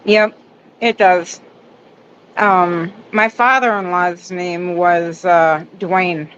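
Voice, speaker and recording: A caller speaking slowly and haltingly, with fillers. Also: mid-range voice, fairly even intonation, fairly bright tone, lo-fi sound, slight background noise.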